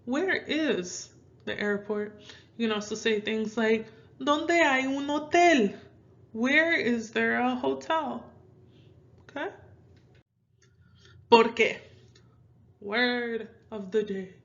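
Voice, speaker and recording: A woman giving a casual online lesson, chatty and repeating phrases slowly in two languages. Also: on the high side, dull audio. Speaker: Spanish teacher.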